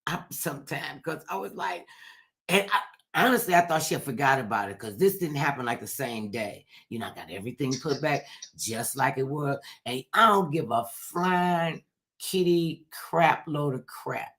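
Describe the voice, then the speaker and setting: A man telling a childhood story in a relaxed chat, lively and at times dropping into a hush. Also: a little high, moderate pace. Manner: animated storyteller, drops into a hush at times, Southern-tinged vernacular.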